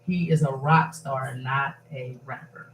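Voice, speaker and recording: A man's voice: medium pitch, steady tone, a little slow, fairly bright tone. A man hosting a casual talk show, rambling and emphatic in an upbeat way. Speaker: host. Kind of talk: casual chat. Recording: echoey room with faint noise.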